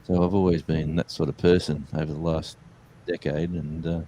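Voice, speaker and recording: A man's voice: rumbling low, flat delivery, moderate pace, dark tone, a little hiss or hum. A man, telling stories in a rambling, easygoing way as a guest on a chat show. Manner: rambling, easygoing, many fillers and restarts. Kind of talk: casual storytelling chat.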